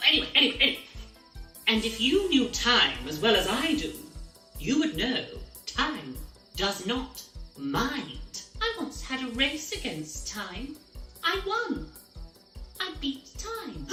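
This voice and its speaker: A woman telling a story with playful, theatrical energy, her fairly high voice leaping up and down across a wide range. She sounds like she is in a roomy, echoey space, with music running behind her. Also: sing-song, slow, pushed and bright. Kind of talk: interactive children's storytelling.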